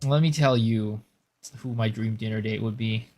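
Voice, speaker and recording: A man's voice: on the low side, moderate pace, mellow. A man streaming a game, casually commenting, joking and answering his viewers as he plays.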